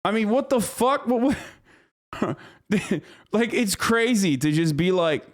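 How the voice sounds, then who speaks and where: A man's voice: sits high, animated, slow pace. A man streaming live, giving casual, profane and incredulous commentary as host.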